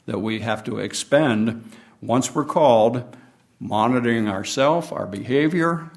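A man preaching a sermon, reading scripture and explaining it in an unhurried teaching manner. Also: medium pitch, vocal fry. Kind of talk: Bible study sermon.

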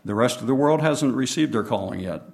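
A man preaching a sermon, reading scripture and explaining it in an unhurried teaching manner. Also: mid-range voice, expressive, vocal fry, a little mellow. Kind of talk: Bible study sermon.

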